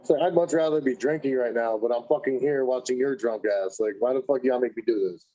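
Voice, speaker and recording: A man trades casual, profane banter on a podcast and laughs easily. His voice is mellow and warm at a middle pitch, and the recording sounds dull and lo-fi. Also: fast talker. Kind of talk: casual chat. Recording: dull lo-fi audio.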